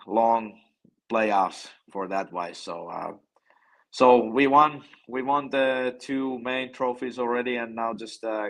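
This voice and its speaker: A man from Finland with a Finnish accent, a hockey player guest answering in halting English and often repeating words. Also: fairly low pitch. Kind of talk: casual interview.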